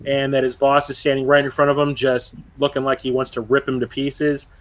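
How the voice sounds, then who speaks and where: A man narrating a tabletop game as game master, casual and quick to laugh, swearing freely as he describes the action. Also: mid-range voice, completely flat delivery, soft background music.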